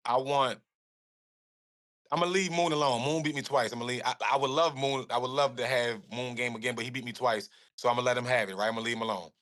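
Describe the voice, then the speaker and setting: A man who is a guest on a relaxed interview, telling game stories in lively slang. His voice is bright and sharp, and his pitch is average for a man. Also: fast talker. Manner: animated storytelling with slang. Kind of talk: casual interview.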